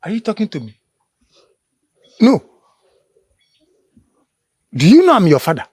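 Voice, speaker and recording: A man's voice: sits high, huge pitch swings, a little slow, darkish tone, slightly rough, no echo, heavily acted. An actor with a Yoruba Nigerian accent playing a stern, dismissive father who scolds his daughter. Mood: scolding. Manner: scolding, mixes in Yoruba phrases. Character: stern, dismissive father, a powerful village elder. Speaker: father, village chief.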